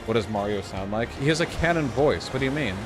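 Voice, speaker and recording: A man's voice: mid-range voice, lively intonation, fast talker, music in the background. A man streaming a game, giving casual let's-play commentary in a sarcastic, profane way and reacting to chat.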